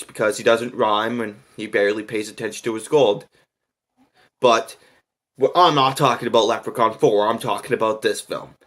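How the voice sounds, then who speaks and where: A man's voice: medium pitch, a bit bright. A man reacting to and reviewing a movie, ranting in an exasperated way with constant swearing.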